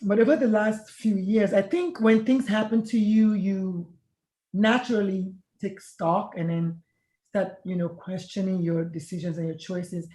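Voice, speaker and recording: Speaking at a measured pace with a steady, dark tone and medium pitch, this retired pediatrician turned life coach, a middle-aged woman, tells her story in an interview. She is reflective and earnest, replaying past conversations as dialogue. Echo from the room is audible.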